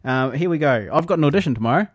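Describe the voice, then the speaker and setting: A man's voice: a little high, expressive, very fast, no echo, clean studio sound. A man, a podcast co-host and actor, rambling and joking in casual chat, swearing freely.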